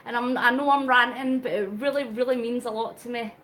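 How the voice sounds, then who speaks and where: Woman vlogger, high voice, earnest and emotional, slightly winded, phone mic, faint hiss. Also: fairly even intonation, brisk, fairly bright tone. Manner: earnest, emotional, reads out viewer comments. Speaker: vlogger doing a live charity cycle. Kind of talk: live-stream chat while cycling.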